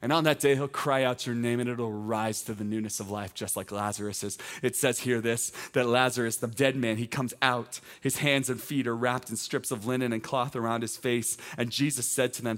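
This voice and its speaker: A male teaching pastor preaching a sermon in a conversational, emphatic way that climbs to loud proclamations. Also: mid-range voice, fairly even intonation, normal speed.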